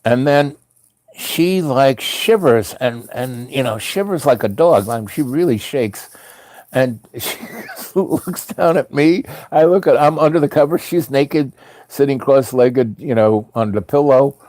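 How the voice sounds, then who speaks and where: A man's voice: mid-range voice, animated, unhurried, a little mellow, dry recording. Rambling man telling a story. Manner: rambling, chatty, full of asides. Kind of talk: casual spoken anecdote.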